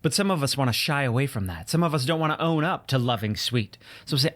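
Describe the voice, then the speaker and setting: A man's voice: mid-range voice, lively intonation, fast talker, few pauses, a bit bright. A male podcast host delivering a sarcastic, exasperated comedic rant.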